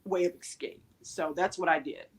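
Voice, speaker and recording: A woman's voice: fairly low pitch, steady tone, normal speed. A woman guest on a talk show, answering earnestly and directly about her life. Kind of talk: interview answers.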